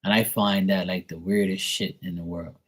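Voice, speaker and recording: A man's voice: sits low, flat delivery, normal speed, low-quality recording. A man hosting a tarot reading live stream, telling profane, chatty anecdotes. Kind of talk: casual live-stream storytelling.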